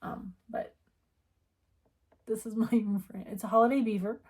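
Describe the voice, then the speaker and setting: Chatty, rambling woman with a fairly high voice. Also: steady tone, measured pace, darkish tone, breathy edge. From United States. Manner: chatty, rambling, self-interrupting. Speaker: needlework shop owner. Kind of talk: casual chat.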